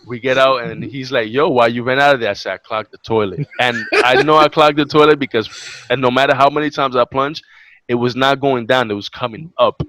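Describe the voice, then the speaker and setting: A man's voice: mid-range voice, brisk, dry recording. Young New man, casual podcast storyteller, swears freely, dry close sound. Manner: animated, profane, acts out quotes. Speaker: podcast co-host.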